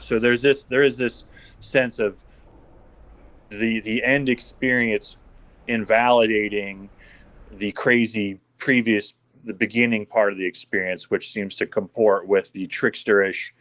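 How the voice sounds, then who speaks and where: A man's voice: fairly low pitch, a bit bright, no room sound, poor audio. A man who is a guest on a casual podcast, speaking in a thoughtful, meandering way and often restarting his sentences. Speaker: guest recounting an encounter.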